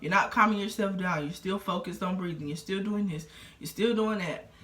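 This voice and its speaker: A young woman with a fairly bright mid-range voice speaks at normal speed in a casual storytime vlog, rambling and filling gaps with lots of fillers in a conversational way. The room adds an echo.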